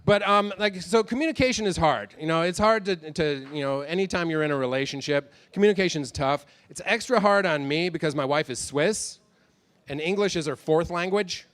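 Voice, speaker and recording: A man's voice: fairly high pitch, a little fast, a bit bright. A man doing a rambling stand-up set, talking about himself, swearing often and correcting his own jokes. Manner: rambling, self-deprecating, swears a lot. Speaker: stand-up comedian.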